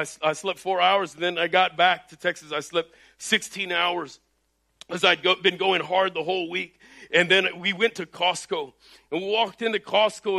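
A man preaching a sermon loudly and emphatically, his voice rising in bursts as he exhorts the congregation. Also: high-pitched, vocal fry. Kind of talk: energetic sermon. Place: Texas.

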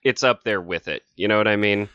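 A man's voice: on the low side, fairly quick, lo-fi sound, crowd noise. A man co-hosting a podcast, reacting with enthusiasm and loose, sweary talk. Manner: enthusiastic, swears and laughs freely. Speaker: podcast co-host. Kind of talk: casual comic-book podcast chat.

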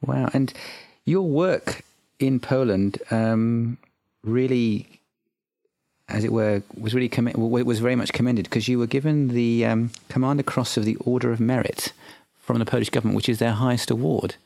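Podcast host guy, creaky voice, dry close sound, stumbles thru questions. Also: mid-range voice, steady tone, darkish tone, dry recording. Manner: halting, restarts his questions. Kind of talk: interviewing a guest.

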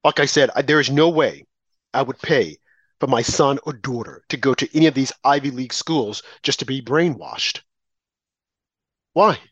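A man's voice: medium pitch, moderate pace, fairly bright tone, breathy edge, no room sound, highs cut off. A man giving an emphatic political monologue, indignant and full of rhetorical questions. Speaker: commentary host.

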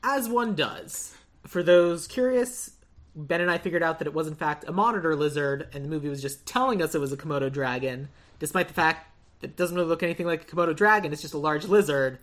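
Woman recapping a film, chatty and low. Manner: chatty, laughing, quick asides. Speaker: podcast host. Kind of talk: casual movie recap chat.

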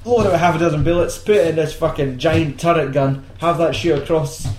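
A man's voice: a little high, fairly even intonation, fairly quick, a little mellow, slight background noise. A man chatting casually about a film, swearing often, laughing and acting out lines in silly voices. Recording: roomy echo.

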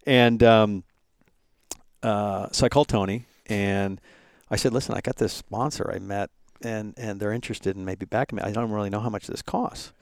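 A man's voice: fairly low pitch, normal speed, gravelly. A man in his forties, telling a story casually and animatedly, acting out the other people's lines. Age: 40s. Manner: animated, acts out voices in his stories. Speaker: podcast guest.

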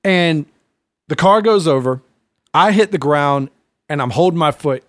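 A man's voice: a little high, lively intonation, measured pace, no room sound, clean studio sound. Rambling man telling a long story. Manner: rambling, many fillers and restarts, mimics voices in quotes. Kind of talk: casual storytelling on a podcast.

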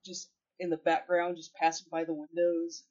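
A woman co-hosting a podcast in casual chat, speaking haltingly with some laughs. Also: fairly low pitch, monotone, a little mellow. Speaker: podcast co-host. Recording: dull lo-fi audio.

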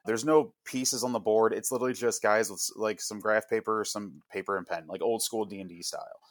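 A man hosting a podcast, retelling a comic's story in casual chat, animated and full of fillers. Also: on the low side, a little fast, dry recording. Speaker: podcast host reviewing a comic.

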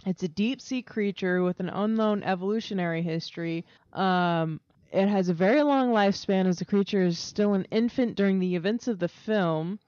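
A woman co-hosting a casual podcast, explaining researched facts haltingly with many "um"s. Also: mid-range voice, a little mellow, no room sound, highs cut off. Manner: hesitant, reads facts with many "um"s. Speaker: podcast co-host. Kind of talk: casual chat.

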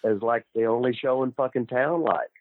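Older ex-wrestler on the podcast, cussing and blunt, thin tinny phone sound, dry. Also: male voice, medium pitch, moderate pace, dry recording. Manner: blunt, profane, gruff storyteller. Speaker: guest, former wrestler. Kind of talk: casual interview.

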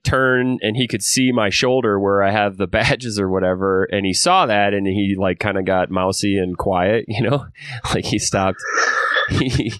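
A man's voice: lowish voice, a bit bright, clear, resonant tone, dry recording, clean studio sound. A man hosting a podcast who tells a story in casual chat, rambling and frank, swearing and laughing often. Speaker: podcast host.

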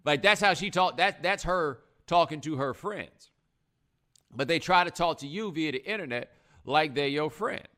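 Man, host, casual slangy commentary, animated, bright forceful voice. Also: a little high, moderate pace. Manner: animated, slangy, acts out other people in quotes. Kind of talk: casual live-stream commentary.

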